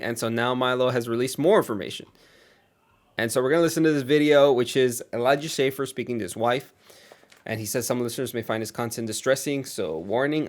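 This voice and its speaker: A man doing casual commentary on online drama, sarcastic and gossipy, with chuckles. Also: mid-range voice.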